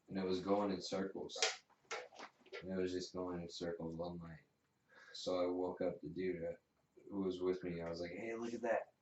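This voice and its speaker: A man's voice: low-pitched, darkish tone. A man co-hosting a casual podcast, rambling through stories and swearing a lot. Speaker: podcast co-host. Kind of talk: casual chat. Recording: roomy, distant, dull, faint hiss.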